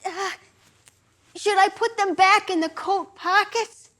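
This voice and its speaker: A woman's voice: very high-pitched, fairly even intonation, slow, a bit bright, pitched above the performer's own voice, heavily acted. A woman doing a mumbling embarrassed teen boy. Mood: sheepish. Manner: mumbled, hesitant.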